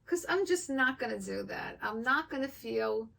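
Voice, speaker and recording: Older woman, wig vlogger, gravelly, chatty storyteller, slightly high voice, mic a little far. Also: normal speed. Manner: chatty, animated, acts out both sides of the story. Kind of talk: casual storytelling to viewers.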